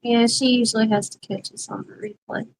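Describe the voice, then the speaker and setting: A woman's voice: on the high side, level tone, fast talker, a little hiss or hum, rough recording. A woman with a Southern US accent co-hosting a casual beekeeping live chat, chatty and emphatic, laughing often. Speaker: beekeeping livestream co-host.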